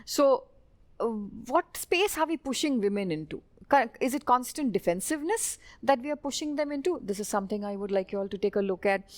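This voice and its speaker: Indian-accented woman opening a panel, emphatic, rhetorical, a fairly high voice. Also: lively intonation, fairly quick. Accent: Indian English, Telangana. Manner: emphatic, rhetorical questions, lists in short phrases. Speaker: police officer opening a panel discussion. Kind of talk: prepared opening remarks. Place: panel discussion event.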